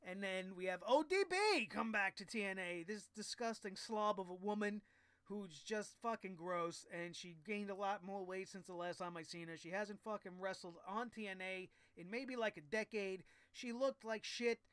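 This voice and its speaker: Smooth-voiced, profane ranting wrestling reviewer man. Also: sits high, moderate pace, fairly bright tone, no echo. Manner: profane, exasperated, sarcastic. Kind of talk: casual ranting recap.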